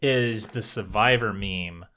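A man's voice: on the low side, slow, bright, forceful tone. Laid-back, swearing male podcast co-host. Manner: laid-back, profane interjections. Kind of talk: casual chat reviewing a cartoon.

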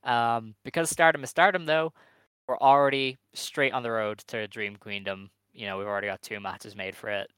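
A man co-hosting a wrestling podcast, speculating in a relaxed way with lots of ums and hedges. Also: mid-range voice, moderate pace, clean tone, no room sound. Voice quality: hesitant, hedging, many fillers. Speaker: podcast co-host. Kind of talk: casual chat.

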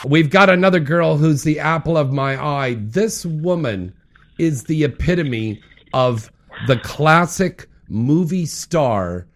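A man hosting a talk show, introducing his guest with gushing, animated enthusiasm. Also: on the high side, takes it slowly. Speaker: show host.

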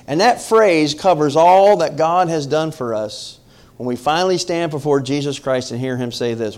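Emphatic preacher man, higher-pitched voice. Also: moderate pace, a little mellow, clear, resonant tone. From northern United States. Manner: emphatic, talks directly to the congregation with questions. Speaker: pastor. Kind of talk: conversational sermon.

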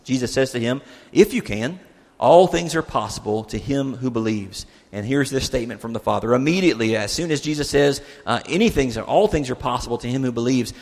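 A man's voice: medium pitch, expressive, fairly quick, a little mellow. A male pastor giving a conversational sermon, putting rhetorical questions to his listeners. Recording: long hall reverb.

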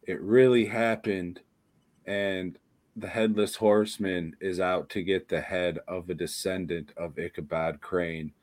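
Slow talking guy on a podcast, low voice, cusses a lot and laughs. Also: fairly even intonation, a little mellow. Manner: profane, laughing, rambling. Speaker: podcast co-host. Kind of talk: casual chat.

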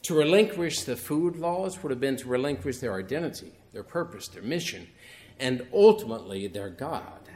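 A man's voice: mid-range voice, lively intonation, moderate pace, darkish tone. A middle-aged male priest giving a homily that starts as a wry, conversational story and moves into teaching.

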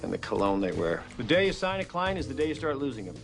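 A man's voice: medium pitch, big pitch swings, quick pace, creaky, faint music behind. An actor playing a witty, hard-drinking older male ad executive, delivering dry sardonic one-liners. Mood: wry.

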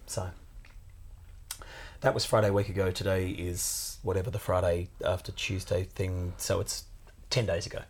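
A man's voice: normal speed, long pauses, breathy edge. A man who co-hosts a podcast, telling a story in casual chat and swearing now and then. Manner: animated, jumps into high put-on voices for quotes, swears casually. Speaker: podcast co-host.

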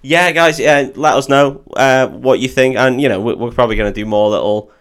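He is a young man bantering on a casual podcast, jokey and a little boastful, with frequent false starts. His pitch sits right in the middle for a man. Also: a little fast, a bit bright. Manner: jokey, teasing, trails into restarts. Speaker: podcast co-host.

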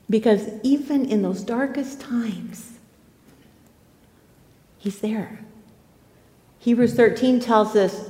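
A woman giving an earnest, expressive sermon on a Bible passage, retelling and explaining the story. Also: a little high, slow, long pauses. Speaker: Bible teacher. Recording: echoey hall.

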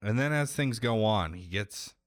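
Low-voiced man ramblingly recapping a game. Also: lively intonation, moderate pace, no room sound, studio quality. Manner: rambling, profane, acts out quoted lines. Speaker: podcast co-host recapping a game. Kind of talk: casual chat.

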